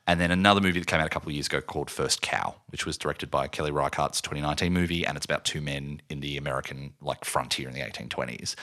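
Brief: deep-voiced male podcast co-host, forceful tone, animated. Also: very fast, hardly any pauses. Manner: animated, acts out scenes in put-on voices. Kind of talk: casual film discussion.

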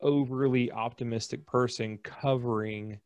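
A man co-hosting a casual podcast, an animated storyteller who acts out the people in his stories. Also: mid-range voice, unhurried, dry recording. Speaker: podcast co-host. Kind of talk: casual chat.

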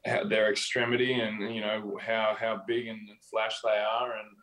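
A man's voice: lowish voice, level tone, moderate pace, a bit bright, low-quality recording. An Australian man as an interview guest, talking casually and rambling with lots of fillers. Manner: rambling, full of "you know" fillers.

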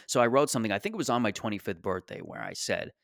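A man's voice: on the low side, wildly swooping pitch, very fast, gravelly, dry recording, clean studio sound. A man in his late twenties hosting a solo podcast, talking casually in a rambling, joking, self-deprecating way. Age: 20s. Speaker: podcast host.

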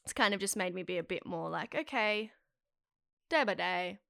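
A woman's voice: lowish voice, lively intonation, moderate pace, creaky, pushed and bright, no room sound, studio quality. A young woman, an actress chatting in an interview, rambling with lots of fillers. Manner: rambling, filler-heavy, laughs often. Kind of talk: casual interview chat.

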